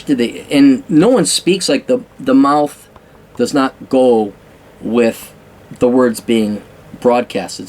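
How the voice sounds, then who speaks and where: A man's voice: medium pitch, a little mellow. Rambling, profane man reviewing a film. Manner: rambling, profane, self-mocking, many restarts. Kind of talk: casual off-the-cuff film review.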